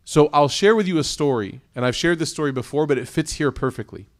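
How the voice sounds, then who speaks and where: A man's voice: on the high side, expressive, fairly quick. A man giving an Islamic talk to an audience of families, telling stories animatedly and speaking directly to the crowd. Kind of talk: storytelling lecture to an audience of families.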